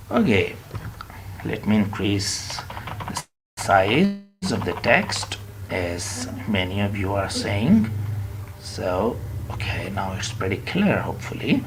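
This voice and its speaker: A man with a Pakistani English accent teaching an online spoken English lesson, slowly repeating words and modeling their stress with deliberate emphasis. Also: fairly low pitch, sing-song, background noise.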